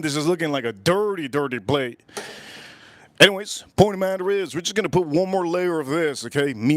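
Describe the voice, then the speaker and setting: A man's voice: on the high side, no room sound. A man hosting a live cooking demo at a windy outdoor grill, rambling and joking, often repeating his phrases. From United States. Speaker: cooking livestream host.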